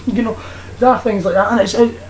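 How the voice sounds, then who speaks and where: High-voiced young man hosting a jokey podcast. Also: steady tone, fairly quick, a little hiss or hum, low-quality recording. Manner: jokey, laughs often, many fillers. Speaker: podcast host. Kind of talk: casual comedic podcast chat.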